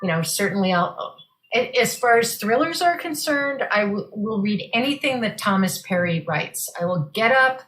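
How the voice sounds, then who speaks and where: Talkative woman author with a bright, crisp voice, casual panel chat. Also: medium pitch, expressive, moderate pace, low-quality recording. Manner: talkative, repeats words while thinking. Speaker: guest author. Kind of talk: casual video-call chat. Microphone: video call.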